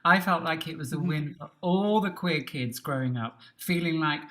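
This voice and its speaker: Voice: medium pitch, moderate pace, hardly any pauses, a bit bright. A panel host opening a festival, introducing guests in an effusive, playful way. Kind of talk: live on-stage panel conversation.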